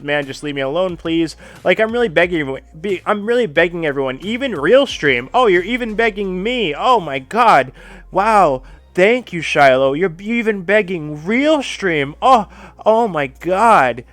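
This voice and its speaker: Male drama streamer, slightly high voice, exasperated and profane, with faint music underneath. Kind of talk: reading a script then ranting live.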